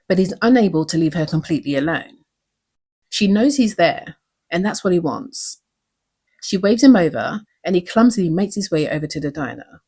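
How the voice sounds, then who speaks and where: A woman's voice: fairly low pitch, a little mellow, husky. A woman hosting a recap show, talking in an earnest, reflective way and asking many questions. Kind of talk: recap commentary.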